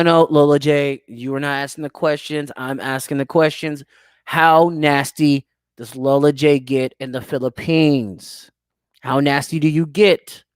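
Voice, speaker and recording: A man's voice: mid-range voice, no echo, studio quality. A young man, hosting a crude, teasing podcast chat and laughing often. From United States. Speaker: podcast host. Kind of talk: casual chat reading live chat.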